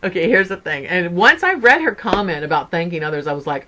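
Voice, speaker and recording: A woman's voice: lowish voice, lively intonation, moderate pace, few pauses, sharp tone. A middle-aged woman talks casually to the viewers of her stitching channel. She rambles through stories, goes off on tangents, and thanks people along the way. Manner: chatty storyteller, wanders off on tangents.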